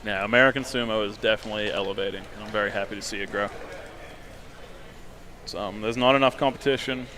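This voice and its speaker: A man from Australia with an Australian accent, giving casual sports commentary and calmly explaining technique. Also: fairly low pitch, quick pace, pauses often. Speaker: guest commentator, sumo wrestler.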